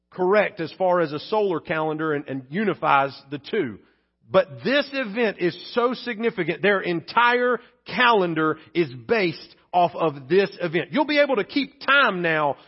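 A man delivers a conversational sermon in a high register. He drops to hushed tones and then rises to emphatic peaks, now and then acting out little asides. The recording sounds dull and lo-fi. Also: husky. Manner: conversational preaching with acted-out asides. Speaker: pastor.

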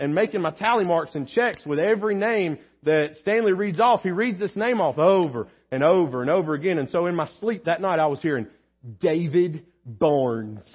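A man's voice: high-pitched, husky, muffled recording. A pastor preaching a sermon in an earnest, joking storytelling way, often repeating words as he goes.

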